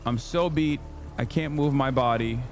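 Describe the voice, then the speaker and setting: A man in his thirties telling a story on his livestream, casual, profane and animated, jumping into high-pitched quoted voices. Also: normal speed, soft background music. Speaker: streamer.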